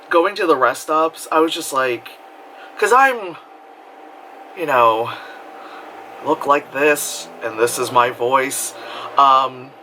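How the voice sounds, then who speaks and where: A young man chats to the camera in a loose, rambling way, full of fillers. His voice is bright and sits a bit high, and his pitch swings widely, jumping into sudden yelps and giggles. A faint hum of room noise sits behind him. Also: poor audio. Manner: rambling with many fillers, bursts into loud screams and laughter. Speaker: vlogger. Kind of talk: casual storytelling.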